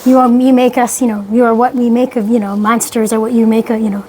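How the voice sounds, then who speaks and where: Woman, musician guest, halting talk, fillers everywhere, slightly high voice, faint background hiss. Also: flat delivery, mellow, low-quality recording. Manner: halting, fills with many "you know"s. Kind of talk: casual radio interview chat.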